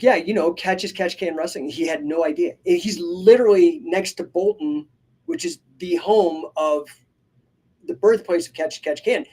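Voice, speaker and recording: A man with a slightly high, slightly mellow voice and a breathy edge hosts a live podcast on a live stream. A coach as well as the host, he tells stories energetically, with many asides and casual swearing.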